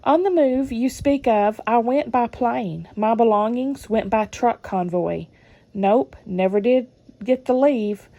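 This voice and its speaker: A woman's voice: fairly high pitch, slow, dark tone, lo-fi sound. A woman, reading old letters aloud and adding chatty comments between them. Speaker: channel host reading family letters.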